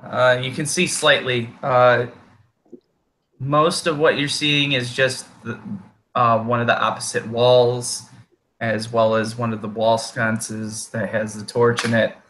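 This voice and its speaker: A man runs a tabletop game, describing the scene at a relaxed, deliberate pace. His voice is bright and forward, and he talks players through the action patiently, leaning on fillers. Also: mid-range voice, a little hiss or hum. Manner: unhurried, filler-heavy, explaining patiently. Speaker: game master.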